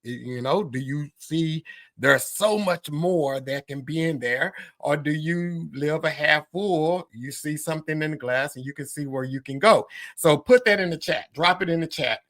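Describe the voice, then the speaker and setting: A man's voice: fairly high pitch, moderate pace, a bit bright, no room sound. A man hosting a live-streamed podcast, chatting casually with viewers and greeting them by name as he reads their comments aloud. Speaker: podcast host.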